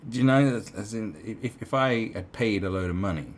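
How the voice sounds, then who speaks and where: A man's voice: on the low side, animated, moderate pace, slight background noise. A man giving rambling, sarcastic opinion commentary, full of fillers and asides.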